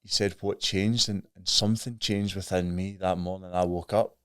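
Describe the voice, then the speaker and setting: A Scottish man in his thirties with a very deep voice talks openly and earnestly as a podcast guest. His manner is plain-spoken and candid. The recording is dry, with no room sound. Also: fairly even intonation, moderate pace, fairly bright tone, clean tone, no room sound. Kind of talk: candid recovery story in conversation.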